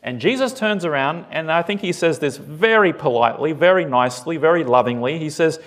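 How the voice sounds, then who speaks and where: A man's voice: a little high, brisk. A man preaching a sermon, reading scripture and asking his congregation questions as he goes. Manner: animated, asks the congregation questions. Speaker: pastor.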